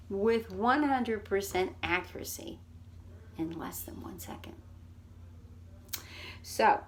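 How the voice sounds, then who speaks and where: A woman's voice: fairly low pitch, a little hiss or hum. Woman teaching speech drills. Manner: clear, exaggerated drills of sounds. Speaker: speech therapist. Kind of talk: instructional demonstration.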